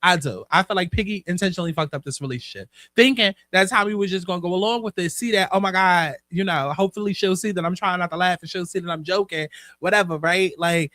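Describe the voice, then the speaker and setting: A man running his own commentary show, sassy and profane. His voice sits high and bright. It is recorded close and dry, with no room around it. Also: fast, few pauses, no echo. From United States. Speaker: host. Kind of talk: casual commentary.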